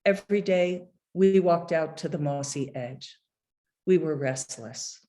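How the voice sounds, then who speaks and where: Woman poet, middle-aged; careful, measured poetry reading with hesitant asides. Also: sits low, dark tone. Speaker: poet reading at her book launch.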